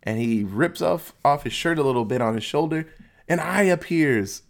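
A man's voice: fairly high pitch, lively intonation, moderate pace, creaky. A man casually recapping a movie plot in a loose, jokey way, swearing freely.

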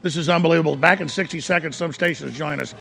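Male radio host, very gravelly, rapid, excitable. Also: on the high side. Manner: fast, excitable, interjecting. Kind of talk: live talk radio hosting.

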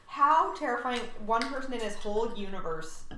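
A woman's voice: on the high side, expressive, normal speed, over a noisy crowd. Earnest woman in a roomy room. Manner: earnest, reflective storytelling. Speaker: podcast co-host. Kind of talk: casual chat.

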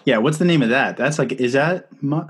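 A man's voice: mid-range voice, brisk, slightly rough. A young man hosting a casual podcast chat, rambling with lots of fillers and frequent laughs. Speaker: podcast host.

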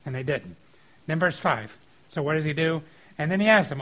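A man preaching a casual sermon on a scripture passage, informal and animated, breaking into acted-out quotes. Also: a little high, normal speed, pauses often, low-quality recording. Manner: informal and animated, acting out quotes with filler likes.

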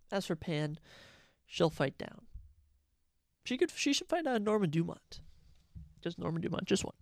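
Male podcast host, casual and opinionated, keeps correcting himself, slight fry in the voice. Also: fairly high pitch, dry recording, clean studio sound. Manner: rambling, opinionated, self-correcting. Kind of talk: casual solo sports recap.

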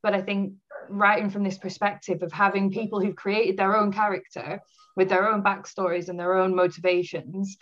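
A woman's voice: mid-range voice, flat delivery, normal speed, fairly bright tone, slight background noise. A woman author chatting casually in an interview, laughing often as she talks. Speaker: author guest. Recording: dull lo-fi audio.

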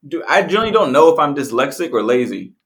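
A young man co-hosting a podcast, joking crudely, swearing and laughing easily. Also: on the high side. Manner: animated, swearing, quick to laugh. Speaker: podcast co-host. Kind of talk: crude casual banter.

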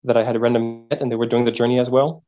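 A man's voice: mid-range voice, very fast, dull audio. Man telling travel stories. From Quebec, Canada. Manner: animated, repeats words while thinking. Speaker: podcast guest, traveller. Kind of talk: casual interview storytelling.

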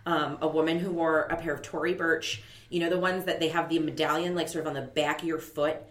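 Opinionated woman podcast co-host; lowish voice, echoey room. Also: flat delivery, a little fast, fairly bright tone. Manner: firm, opinionated, lays down rules. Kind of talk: casual chat. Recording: roomy echo.

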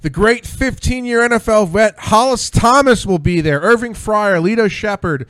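A tipsy man hosting a podcast. He tells rambling, excitable stories and swears freely. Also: high voice, normal speed, dry recording. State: tipsy from drinks. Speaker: podcast host. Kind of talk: casual podcast chat.

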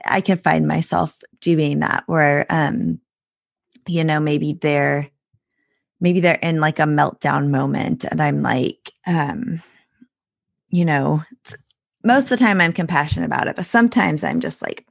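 A woman's voice: deep voice, normal speed, vocal fry, no echo, clean studio sound. A woman hosting an interview, chatting reflectively and thinking aloud about her own parenting. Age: adult parent. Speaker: podcast host. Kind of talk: casual interview chat.

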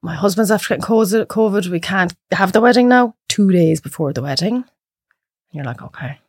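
Irish woman, 30s, guest; animated storyteller, dry close mic. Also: medium pitch, normal speed, breathy edge, no room sound. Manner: animated storyteller acting out quotes. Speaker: podcast guest. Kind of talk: casual chat.

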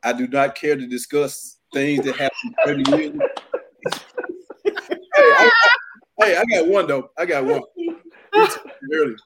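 A man's voice: a little high, normal speed, long pauses, very noisy. A man, a barber, telling a shop story in a casual group chat, laughing and acting out the voices of the people in it. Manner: animated, laughing, acts out voices.

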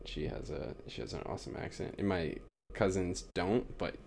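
Podcast co-host, male, lowish pitch, loose rambling chat with frequent laughs. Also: moderate pace, gravelly, darkish tone, a little hiss or hum. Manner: chatty, rambling, laughs often. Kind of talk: casual chat.

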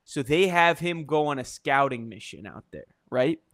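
A man's voice: mid-range voice, animated, moderate pace, fairly bright tone. A young man chatting casually, telling an idea as a story and acting out scenes with sound effects. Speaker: co-host. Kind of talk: casual brainstorming chat.

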